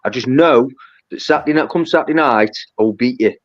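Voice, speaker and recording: A man's voice: mid-range voice, brisk. A young man, a boxer swearing and insisting again and again that he will win. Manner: swears constantly, insistent and repetitive. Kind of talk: heated pre-fight face-off. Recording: dull lo-fi sound, dry.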